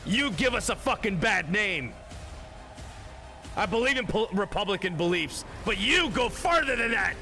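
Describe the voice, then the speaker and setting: A man's voice: high-pitched, very animated, normal speed, pushed and bright, soft background music. A man live streaming, ranting at his chat with heavy swearing, mocking viewers and laughing often. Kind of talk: profane rant at live chat.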